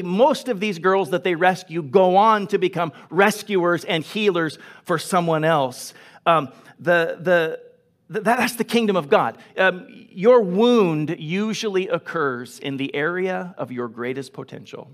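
Earnest preaching man, somewhat high voice. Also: unhurried. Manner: earnest, emphatic, repeats phrases for emphasis; drops to a soft, hushed voice when telling a story. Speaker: pastor. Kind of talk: sermon. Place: church sanctuary.

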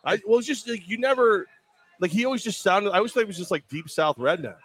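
A man co-hosting a podcast in casual sports chat, rambling and cracking jokes with quick asides. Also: sits high, lively intonation. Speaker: podcast co-host.

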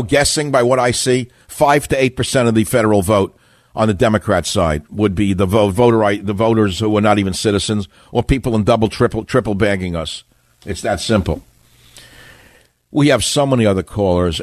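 An older male talk radio host with a low, dry voice, opinionated and combative. He talks to listeners and callers, wandering into side remarks as he goes. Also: dry recording. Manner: combative, opinionated, rambling asides. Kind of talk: talk radio monologue and call-in.

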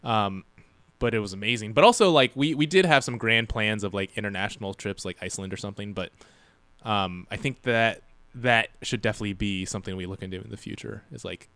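Easygoing young male co-host, relaxed chat, dry close mic. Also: fairly low pitch, fairly quick, no room sound. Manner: easygoing, chuckles a lot. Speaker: podcast co-host. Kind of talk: casual podcast chat.

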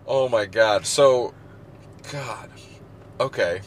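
A man's voice: mid-range voice, extremely slow. A man co-hosting a podcast in casual chat, reacting and joking. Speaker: podcast co-host.

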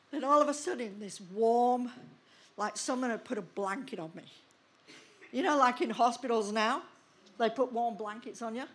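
A woman pastor in her sixties telling a personal testimony in a sermon, with lively storytelling that acts out the scenes. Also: a little high, normal speed.

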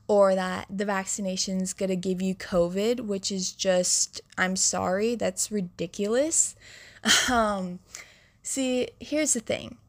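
Young woman with a sick voice, slow chat. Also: medium pitch, no room sound. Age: young adult. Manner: chatty, filler-heavy, slow. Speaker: podcast segment host. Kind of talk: casual monologue.

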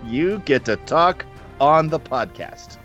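A man's voice: fairly high pitch, animated, slow, a bit bright, lo-fi sound, soft background music. Laughing, joking male podcast host. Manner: jokey, laughs often, playful game-show bits. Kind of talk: casual chat.

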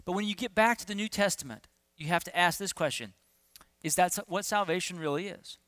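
High, bright-voiced preaching man. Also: fairly quick, dry recording. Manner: conversational, self-deprecating humor with many fillers and restarts. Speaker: pastor. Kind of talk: sermon.

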